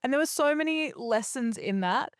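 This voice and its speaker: A woman's voice: high-pitched, animated, moderate pace, no room sound, clean studio sound. A young adult woman hosting a solo podcast, speaking casually and reflectively with many fillers and self-corrections. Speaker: podcast host.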